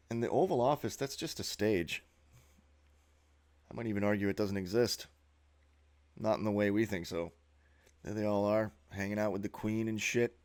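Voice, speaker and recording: A man giving a sneering, profane monologue while narrating a slideshow as a video host. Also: low-pitched.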